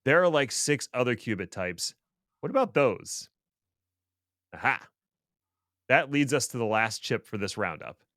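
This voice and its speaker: A man hosting a casual tech podcast, talking at an even middle pitch with dry, wry sarcasm. His voice is close and dead dry, with no room sound around it. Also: measured pace, pauses often, no room sound. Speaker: podcast co-host.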